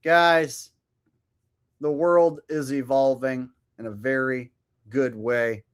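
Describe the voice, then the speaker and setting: A man rants sarcastically to his viewers, crude and mocking, laughing at his own jokes. He talks slowly and deliberately. His voice sits at a middling pitch. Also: steady tone, smooth. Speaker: channel host. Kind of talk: profane sarcastic commentary.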